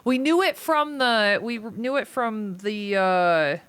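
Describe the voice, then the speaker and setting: A woman's voice: mid-range voice, slow, a bit bright, a little hiss or hum. A woman livestreaming and chatting casually with her viewers, playful and teasing as she jokes around. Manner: playful, teasing, joking with chat. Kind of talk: casual live-stream chat.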